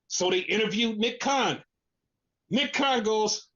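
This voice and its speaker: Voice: normal speed, lo-fi sound. Profane, exasperated podcast ranter. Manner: animated, mimics others in a lower voice. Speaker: wrestling podcast co-host. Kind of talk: casual podcast rant.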